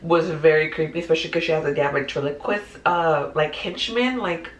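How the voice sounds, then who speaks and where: A woman in her thirties chatting casually through a movie countdown, animated and full of fillers. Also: low-pitched, moderate pace, dull audio, slight background noise. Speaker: movie vlogger. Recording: roomy echoey room.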